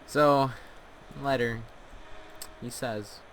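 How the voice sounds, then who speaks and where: A man telling an absurd comic story in a meandering, deadpan way, full of filler words. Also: medium pitch, drawn-out words, a little hiss or hum. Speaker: storyteller host.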